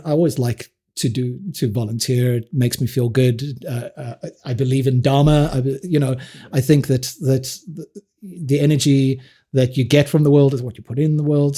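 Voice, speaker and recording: A middle-aged South African man, a guest actor, telling animated stories in a casual interview, restarting often and laughing. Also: medium pitch.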